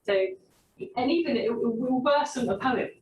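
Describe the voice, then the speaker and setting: A woman's voice: sits high, normal speed, slight background noise. A young woman, a PhD researcher, reads her essay on poetry and adds wry, reflective asides. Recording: roomy echo, mic at a distance, faint ambience.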